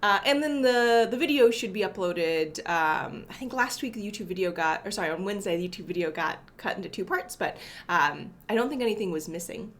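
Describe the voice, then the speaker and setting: A young woman talks casually to her livestream viewers from her apartment, greeting them by name and correcting herself as she goes. She is a little sniffly from allergies. Her pitch rises and falls in a lively, animated way. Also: a little fast. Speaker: livestream host coding. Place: apartment home.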